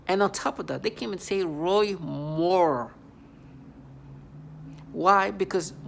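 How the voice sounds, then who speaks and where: A vlogger speaking in a halting, repetitive, accusatory monologue. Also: medium pitch, vocal fry, a little hiss or hum. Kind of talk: angry vlog monologue.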